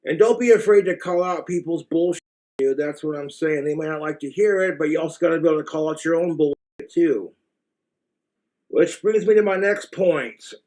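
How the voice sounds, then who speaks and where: A man's voice: fairly high pitch, normal speed, darkish tone. A man with an American accent giving blunt, crude, rambling relationship advice in a casual monologue to the camera.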